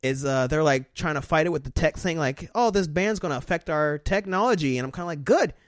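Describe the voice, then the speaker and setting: Crude rambling man, fairly high voice. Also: brisk, no echo, studio quality. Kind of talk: casual chat.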